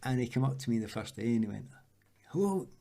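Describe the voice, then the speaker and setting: Gravelly Scottish man telling stories. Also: mid-range voice, rapid-fire. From Scotland. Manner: lively storyteller, acts out quoted voices. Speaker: former footballer, interview guest. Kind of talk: anecdotal interview chat.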